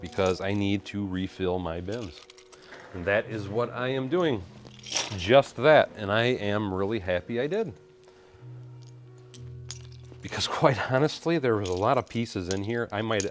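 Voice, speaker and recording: A man hosting a live stream, chatting casually and greeting viewers while he sorts bricks, with his mic set a little away from his face. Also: low-pitched. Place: home hobby room. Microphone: mic kept a little away from the face.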